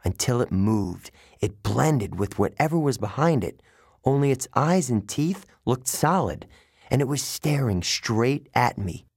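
A man narrating a first-person story as an audiobook reader, in an expressive storytelling manner. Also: mid-range voice, unhurried, gravelly, slightly rough, no room sound, studio quality.

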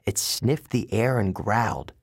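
A man narrating a first-person story as an audiobook reader, in an expressive storytelling manner. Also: on the low side, a little slow, gravelly, slightly rough, dry recording, studio quality.

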